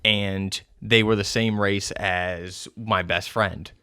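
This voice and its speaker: A man's voice: fairly low pitch, steady tone, slow pace, pushed and bright, smooth, no echo, studio quality. A young man hosting a casual podcast chat, talking frankly and swearing often as he argues his points. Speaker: podcast host.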